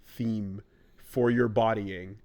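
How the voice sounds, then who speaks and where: A man's voice: on the low side, fairly even intonation, extremely slow, a little mellow. A man co-hosting a podcast in casual chat, rambling with lots of fillers as he explains game mechanics. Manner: rambling, filler-heavy, enthusiastic about fighting games. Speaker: podcast co-host.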